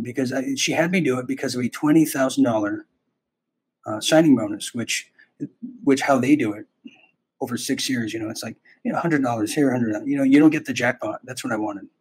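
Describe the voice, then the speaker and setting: A man's voice: mid-range voice, a little mellow, breathy edge, poor audio. A man hosting a podcast, telling a rambling, self-interrupting personal story in a casual way and acting out bits of dialogue. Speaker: podcast host.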